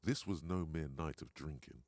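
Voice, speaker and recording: A man's voice: very deep voice, normal speed, darkish tone, dry recording. A man voicing a grave narrator in a video game, telling the scene in a dry, grimly witty way.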